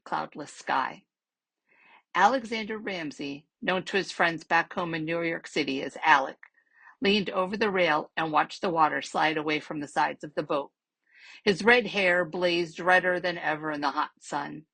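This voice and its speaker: Low, gravelly woman reading aloud. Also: a bit bright, no echo, rough recording. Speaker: library storyteller. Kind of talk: reading a children's novel aloud.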